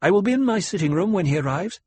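A man's voice: sits high, expressive, fast, a little mellow, husky, no room sound, voice pushed up. A man voicing a stern, bitter noblewoman who gives clipped, imperious commands. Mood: commanding.

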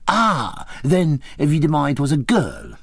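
A motherly, interfering French nurse, a big middle-aged woman who gushes with kindly nosiness, her voice swooping up brightly, as a man reading aloud puts her on. The sound is dry and close, with a husky grain. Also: fairly high pitch, huge pitch swings, a little slow, dry recording, pitched above the performer's own voice, exaggerated voice. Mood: puzzled. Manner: gushing, kindly and prying.

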